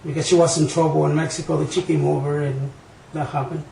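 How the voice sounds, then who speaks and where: A man giving flat, evasive, curt answers while being questioned on camera. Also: on the high side, quick pace, vocal fry. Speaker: man caught on a TV sting show. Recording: echoey, distant, noisy TV clip.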